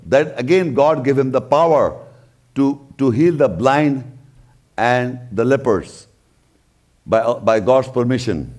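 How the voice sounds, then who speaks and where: A man's voice: mid-range voice, slow pace, long pauses, a little mellow. A man giving a religious talk, explaining scripture verse by verse and stressing key points by repeating them. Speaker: religious lecturer. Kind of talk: scripture commentary.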